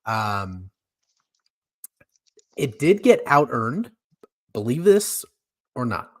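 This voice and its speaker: A man's voice: medium pitch, big pitch swings, extremely slow. A man co-hosting a casual movie ranking podcast, laughing often and hesitating with ums. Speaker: podcast co-host.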